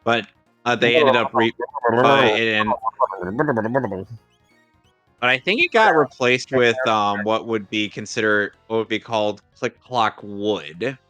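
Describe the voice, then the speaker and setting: A man talks casually while he plays a game on stream, rambling and restarting his sentences. His voice sits a little low but sounds bright and forward. The mic is dry, with faint game music underneath. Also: smooth, no echo. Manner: rambling, joking, halting restarts. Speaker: streamer host. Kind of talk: casual gameplay commentary.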